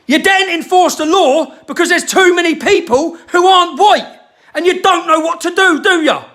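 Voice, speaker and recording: A man rants straight to camera in a furious, confrontational voice. His pitch sits very high, and his tone is tense and sharp. He shouts, swears freely and keeps hitting his targets with rhetorical questions. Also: normal speed. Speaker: political commentator. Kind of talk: angry rant to camera.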